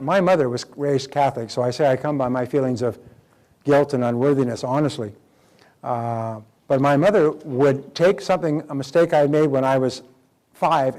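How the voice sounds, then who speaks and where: Older man, motivational seminar speaker, emphatic, repeats key phrases, acts out dialogue, mid-pitched voice. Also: darkish tone.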